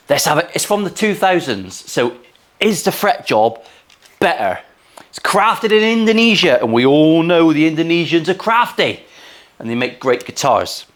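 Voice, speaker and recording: A man's voice: mid-range voice, fairly bright tone. Forties man, luthier, casual workshop chat, cheeky and crude, swears freely. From England. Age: 40s. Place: guitar workshop.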